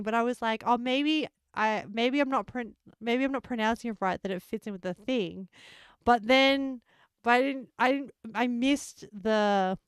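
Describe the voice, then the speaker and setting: A woman's voice: fairly high pitch, measured pace, smooth, no room sound. A woman streaming a game, chatting casually with her viewers, joking and laughing often, on a close desk microphone.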